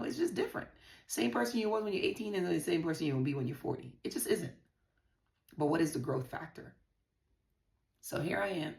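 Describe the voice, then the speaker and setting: A woman's voice: low-pitched, expressive, brisk, vocal fry, long pauses, a little mellow, roomy sound. A woman from the Virgin Islands speaking frankly and profanely to her viewers while telling a personal story. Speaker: vlogger. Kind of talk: candid personal storytelling to camera.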